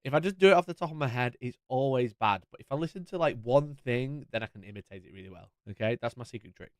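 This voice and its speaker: A man's voice: mid-range voice, animated, quick pace, dry recording, clean studio sound. A man hosting a live stream, chatting casually and jokingly greeting viewers by name as he reads their messages. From United Kingdom.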